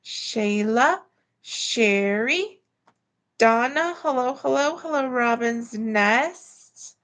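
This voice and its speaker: A woman's voice: a little high, lively intonation, drawn-out words, a bit bright. A tired woman hosts a casual livestream from home, greeting viewers by name. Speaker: livestream host.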